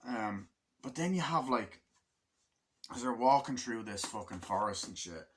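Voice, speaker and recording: A man's voice: medium pitch, lively intonation, unhurried, fairly bright tone, a little hiss or hum. A man talks through a war film in a loose, unscripted monologue. He rambles and swears constantly, and fills his sentences with ums and likes. He laughs easily as he goes. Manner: rambling, full of fillers and profanity, laughs often. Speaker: film reviewer. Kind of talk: casual film review monologue.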